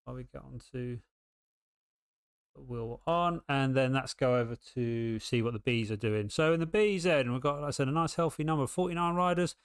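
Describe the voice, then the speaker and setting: British male stream commentator, casual and rambling, smooth mid-pitched voice. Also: moderate pace, no room sound, studio quality. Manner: chatty, rambling, many ums and restarts. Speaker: race commentator. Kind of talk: casual live esports commentary.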